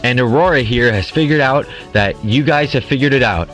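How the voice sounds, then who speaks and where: A smug, playful game show host, voiced by a man in a comedic audio drama, who keeps teasing his contestants. His voice sits at a plain middle pitch and he toys with everyone. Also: a little fast, fairly bright tone, soft background music, lightly acted. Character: smug male game show host, an ice cream being.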